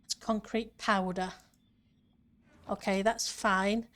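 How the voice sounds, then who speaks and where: A woman's voice: mid-range voice, flat delivery, slow, fairly bright tone. A woman streamer chatting casually with her viewers and answering chat while she plays a building game. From northern part of her country.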